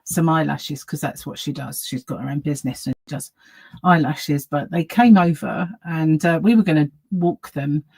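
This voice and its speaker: A woman's voice: low voice, normal speed, vocal fry, darkish tone, husky, low-quality recording. A woman chatting casually on her live stream from home, greeting viewers by name and rambling about her day.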